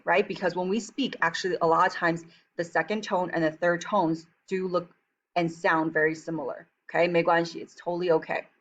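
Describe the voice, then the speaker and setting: A fast-talking woman teacher walks through a language textbook in a chatty way, slowing down for careful pronunciation demonstrations. Her voice sits a little low. The recording is dull and lo-fi. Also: a little hiss or hum.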